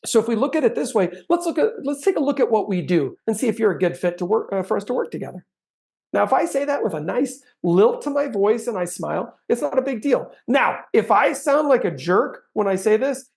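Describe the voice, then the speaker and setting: A man's voice: high-pitched, sing-song, moderate pace, gravelly, darkish tone. A middle-aged man teaching sales technique in a chatty training talk, acting out sample lines now and then.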